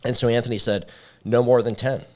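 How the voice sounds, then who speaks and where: A company founder recounts his story in a casual interview, acting out the quoted dialogue as a lively storyteller. He speaks fairly quickly in a mid-range voice.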